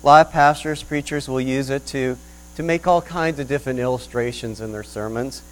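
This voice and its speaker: A man's voice: mid-range voice, a little fast, rough recording. A man preaching a sermon as pastor, telling an illustration story in an earnest, rising and falling manner. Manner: earnest storytelling with lively swells.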